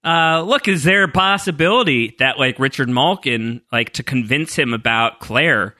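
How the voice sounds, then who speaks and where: Casting note: bright, animated man for a podcast co-host, dry booth sound, chatty recap energy. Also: mid-range voice, moderate pace, dry recording. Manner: animated, acts out quotes, laughs often. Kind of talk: casual TV recap chat.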